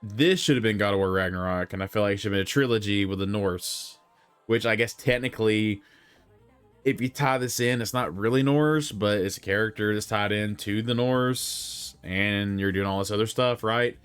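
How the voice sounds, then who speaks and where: A man's voice: lowish voice, normal speed, fairly bright tone, clean tone, soft background music. A young man rambling through casual opinions on video games, full of fillers and self-corrections. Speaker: gaming commentator.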